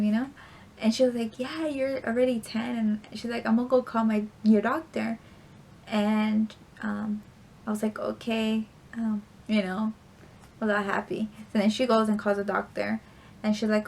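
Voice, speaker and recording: A woman's voice: mid-range voice, steady tone, normal speed. A young woman vlogger telling a story in a casual, rambling way, full of filler words and casual swearing.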